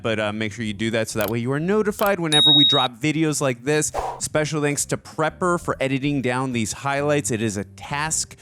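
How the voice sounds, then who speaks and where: A man's voice: medium pitch, fairly bright tone. A man hosting a movie reaction show, rambling and self-deprecating in casual chat.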